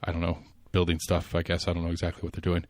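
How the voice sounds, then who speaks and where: A man hosts a casual podcast chat. He rambles and restarts, animated, with plenty of fillers. The sound is dry and close. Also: sits low, rapid-fire, dry recording. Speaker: podcast host.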